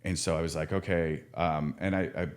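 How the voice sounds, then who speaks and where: Man, addiction counselor; deep voice, frank and earnest, lots of restarts. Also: steady tone, fast talker. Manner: earnest, frank, with many restarts and casual swearing. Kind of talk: casual podcast conversation.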